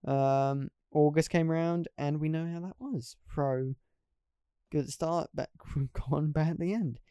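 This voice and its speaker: Young man, casual solo podcast chat, smooth voice, dry close sound, rambling and self-mocking. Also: a little high, a little mellow, no echo. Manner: rambling, self-deprecating, laughs at himself. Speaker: podcast host.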